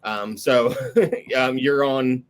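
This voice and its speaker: A man's voice: medium pitch, fairly even intonation, very slow, clear, resonant tone. A man hosting a podcast interview, chatting casually and teasing his guest with a laugh. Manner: joking and teasing, chuckling. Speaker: podcast host.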